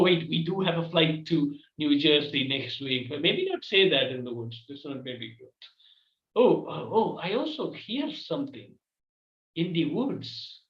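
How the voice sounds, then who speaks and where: A man's voice: fairly high pitch, sharp tone. A man hosting an improv comedy scene over a video call, playful and dramatic as he leads the others. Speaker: improv host. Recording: echoey, dull video call audio.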